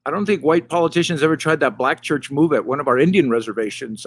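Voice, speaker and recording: A middle-aged man doing a loose, rambling stand-up monologue to camera from a hot tub, with deadpan punchlines. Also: on the high side, fast, few pauses. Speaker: stand-up comedian, host. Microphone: camera mic.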